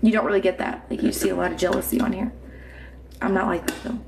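Her mid-range, gravelly voice is fast and steady, with a little hiss or hum on the recording. She's an Indiana livestream host reading comments from her phone in a trophy-mounted room at home, chatty, giggly, foul-mouthed and slightly drunk.

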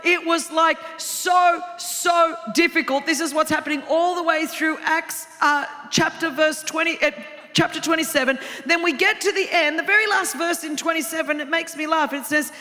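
A woman preaching a sermon in an animated, self-deprecating storytelling way. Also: very high-pitched, normal speed. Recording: long hall reverb.

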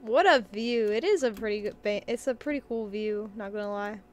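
A woman's voice: medium pitch, brisk, darkish tone. A woman streaming a video game, chatting casually and reading out and answering her chat. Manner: chatty, reads chat aloud and reacts. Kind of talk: casual live-stream chat while gaming.

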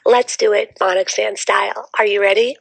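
A woman's voice: mid-range voice, steady tone, moderate pace, creaky, breathy edge, no room sound. A woman teacher leading young children in a sing-song phonics chant, sounding out letters rhythmically.

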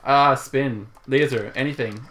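A young man co-hosting a casual let's play, getting excited and shouting at the game. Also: mid-range voice, a little slow. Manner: excitable, jumps to shouts while watching the game. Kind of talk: casual gaming chat.

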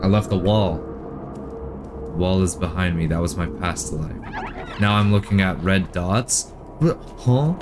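Deep-voiced young man reacting to a game. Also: a little slow, pauses often. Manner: reactive, jokey, breaks into high excited exclamations. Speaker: streamer. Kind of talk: live gameplay commentary. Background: game music.

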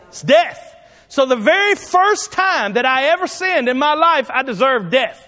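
A man's voice: extremely high pitch, sing-song, unhurried, pushed and bright, big-room sound. A man preaching a sermon in a folksy, emphatic way, driving his points home by repeating them. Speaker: pastor.

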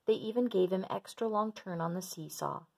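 A woman gently reading a children's storybook aloud in a steady storyteller voice. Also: medium pitch, normal speed, vocal fry, slightly rough.

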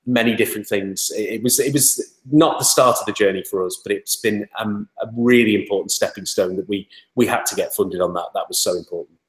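A toy startup spokesman is interviewed and talks in a chatty, rambling way with plenty of fillers, typical casual interview talk. His voice is fairly low and brisk, and the recording has a roomy sound.

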